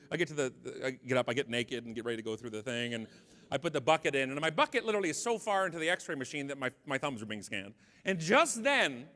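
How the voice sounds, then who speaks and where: A Canadian man tells a comedic story from a conference stage, his voice sitting a little high and leaping around with animated, mock-angry outbursts. His tone is bright and forceful. The sound carries a long reverb from the big hall. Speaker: keynote speaker.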